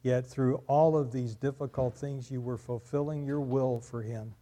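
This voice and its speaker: Man, pastor, sermon, mid-pitched voice, swells loud then drops quiet. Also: fairly even intonation, normal speed. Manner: builds to loud emphatic peaks while reading aloud; drops to quiet, soft closing lines.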